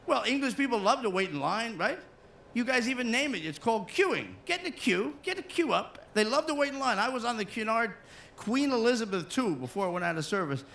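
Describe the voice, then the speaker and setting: A man's voice: extremely high pitch, lively intonation, fairly quick, a bit bright, slight background noise. A man doing stand-up comedy as a cruise ship comedian, working the crowd and slipping into silly put-on voices. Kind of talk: stand-up comedy to a live audience.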